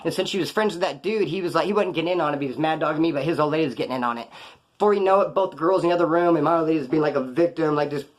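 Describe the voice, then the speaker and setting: Brisk, slangy male storyteller with a higher-leaning voice, candid and profane. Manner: profane street slang, rambling, animated. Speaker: former prisoner telling stories. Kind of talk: casual storytelling to camera.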